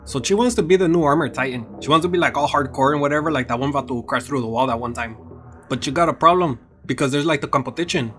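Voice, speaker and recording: Guy joking through an anime recap, kinda high voice, spanish slang everywhere, faint music under it. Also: fast, a bit bright. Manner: Chicano slang with Spanish words, playful put-on voices. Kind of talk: comedic episode recap.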